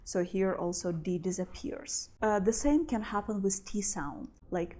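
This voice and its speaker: A woman who is not a native English speaker gives an English lesson, talking slowly and carefully and repeating each example phrase several times. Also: mid-range voice, warm tone. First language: non-native English speaker. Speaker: English teacher. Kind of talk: explanatory language lesson.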